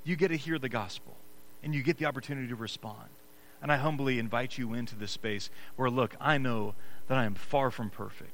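A man preaching a sermon as pastor, earnest and emphatic, moving between hushed low passages and raised, pressing ones, with frequent restarts. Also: fairly quick, low-quality recording.

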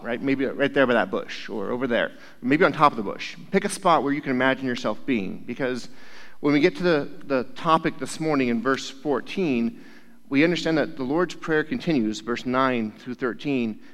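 Chatty youth pastor in a reverberant hall. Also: male voice, medium pitch, expressive, normal speed, fairly bright tone. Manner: conversational, keeps checking in with "right?". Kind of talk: casual sermon.

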